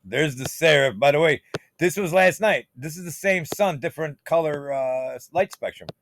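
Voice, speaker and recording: A man's voice: on the high side, moderate pace, background noise. A man hosting his own channel, rambling in casual, profane, conspiratorial commentary while showing things on his computer screen. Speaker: channel host.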